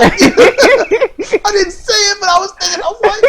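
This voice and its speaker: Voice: extremely high pitch, moderate pace, background noise. A podcast co-host in casual wrestling commentary chat, telling stories with laughter and mimicking others.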